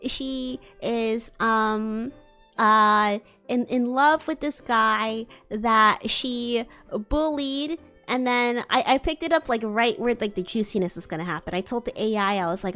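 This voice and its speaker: A woman's voice: a little high, a little slow, pushed and bright, soft background music. A woman streamer chatting casually, rambling and giggly, with many restarts. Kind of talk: casual chat.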